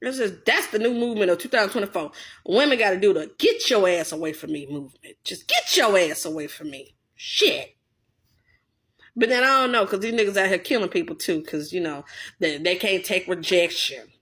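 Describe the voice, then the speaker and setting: A woman with a bright, sharp-edged voice delivers a blunt, heated monologue straight to the camera. She talks in a casual, profane rant at a middle pitch. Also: expressive, a little fast, slightly rough. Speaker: vlogger.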